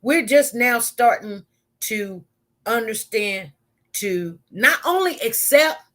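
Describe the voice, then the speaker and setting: A woman's voice: on the high side, animated, slow, fairly bright tone. A woman who works as a nurse, telling a work story to her viewers in a casual live stream. She rambles and repeats herself as she talks straight to them.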